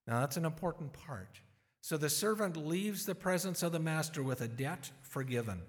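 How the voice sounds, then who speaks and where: A man preaches a sermon in a voice a touch higher than most. He retells scripture in plain, lively words and acts out its people. The sound rings with the long reverb of a large hall. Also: normal speed.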